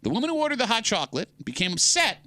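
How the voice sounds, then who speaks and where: A man hosting a radio show, telling a news story with animated banter and the odd put-on voice. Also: very high voice, very fast, no echo. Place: radio studio. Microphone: studio microphone.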